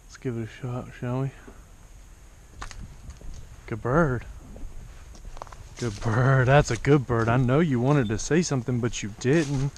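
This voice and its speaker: A man narrating a casual vlog outdoors as a falconer, talking quietly and patiently and coaxing his bird between remarks. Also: medium pitch, measured pace, pauses often, a little hiss or hum. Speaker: falconer training a hawk. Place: outdoors among trees.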